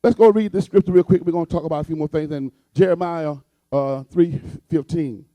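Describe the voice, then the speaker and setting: A man's voice: a little high, fairly quick, dark tone, dry recording. A man preaching a sermon as pastor, with a repetitive cadence that builds to fervent emphasis.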